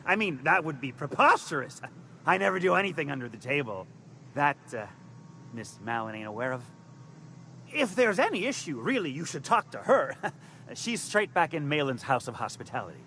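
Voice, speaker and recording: A sly, sing-song huckster. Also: male voice, fairly high pitch, sing-song, normal speed, sharp tone, slight background noise, heavily acted. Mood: flustered. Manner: folksy slang, stammering when caught out. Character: fast-talking male con man selling shady schemes. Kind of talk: video game character dialogue. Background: faint game music.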